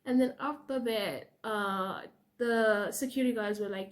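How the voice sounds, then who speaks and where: A young woman with a South African accent, telling a storytime vlog in an animated way, laughing and acting out the people she quotes. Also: medium pitch, measured pace. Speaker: YouTuber.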